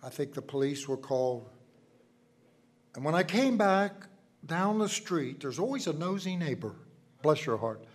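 A man's voice: on the high side, lively intonation, measured pace, pauses often. Folksy older preacher man. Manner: folksy, swings from loud emphasis to hushed asides. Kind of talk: sermon with personal storytelling.

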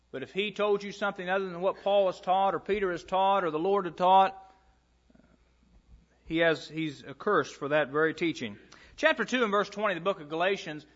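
A man's voice: sits high, bright, forceful tone, lo-fi sound. A man preaching a sermon to a congregation, reading scripture aloud and telling stories from his own ministry. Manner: storytelling, reads scripture aloud.

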